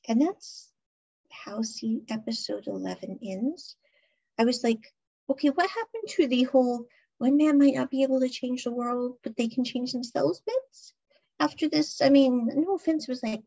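Female podcast host, higher breathy voice, chatty recap, lo-fi muffled recording. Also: moderate pace. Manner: chatty, animated retelling with laughs. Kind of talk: casual drama recap. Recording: dull lo-fi recording.

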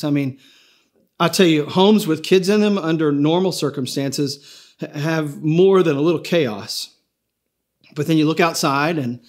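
Male pastor, sermon, earnest, reflective, slightly high-pitched, repeats words.

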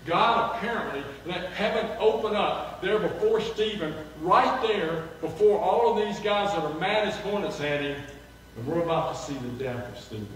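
A man preaching a sermon, animated and acting out the voices of people he quotes. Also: high voice, normal speed, a little hiss or hum. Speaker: pastor. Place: church sanctuary. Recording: echoey hall from far off.

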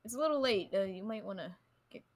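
A woman playing a character in a game roleplay, calm and friendly, speaking matter-of-factly. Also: mid-range voice, fast talker. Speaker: guest player in a roleplay.

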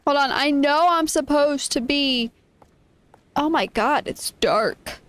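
A woman's voice: high voice, slow, a bit bright, no echo. A young woman streaming a game, chatting casually, reading game text aloud and exclaiming often. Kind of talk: casual gameplay commentary.

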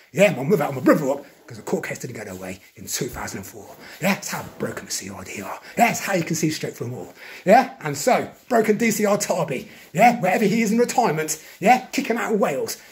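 A man delivers an agitated, accusatory monologue in a fairly high voice that jumps up and down constantly. He piles up names and grievances and tags nearly every phrase with a rising "yeah?". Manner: accusatory, lists names and grievances in rapid repetition. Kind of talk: monologue vlog.

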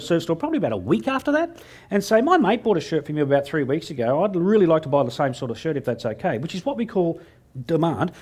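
A man's voice: sits high, a little mellow. A middle-aged Australian man giving a keynote speech to a live audience, telling cheeky stories and acting out both sides of his conversations. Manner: cheeky storytelling, acting out dialogue with a jokey punchline rhythm. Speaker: motivational speaker.

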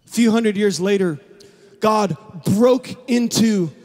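A man preaching a sermon as pastor, building from quiet, low passages to passionate, shouted climaxes. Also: slow pace. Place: large church hall. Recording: long hall reverb.

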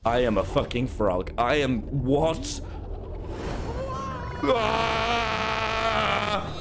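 A man streaming a game live, excitable and swearing as he jokes with his chat. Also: high-pitched, extremely slow, creaky, noisy background. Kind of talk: live gameplay commentary.

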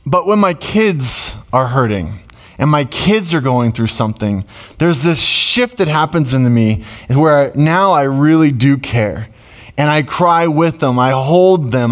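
A middle-aged man preaching a sermon as pastor, conversational and emotional, with sudden loud rises. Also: medium pitch.

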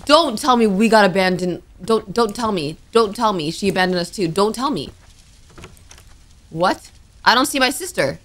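A woman gaming streamer with a mid-range, animated voice talks at normal speed through a horror game let's play. Nervous and jumpy, she mutters to herself and lets out scared exclamations.

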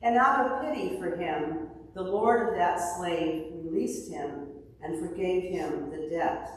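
Slow-spoken woman pastor in echoey sanctuary. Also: on the low side, darkish tone, slight background noise. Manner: slow, measured delivery with a told joke. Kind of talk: scripture reading and sermon. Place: church sanctuary. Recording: distant mic in an echoey hall.

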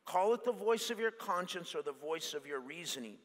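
A male pastor preaching an animated sermon that mixes in jokes. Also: high voice, a little fast, hardly any pauses. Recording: long hall reverb.

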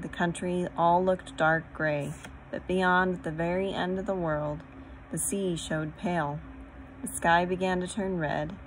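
Female audiobook narrator, steady gentle storybook reading, slightly low voice. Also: slight background noise, low-quality recording. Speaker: audiobook reader.

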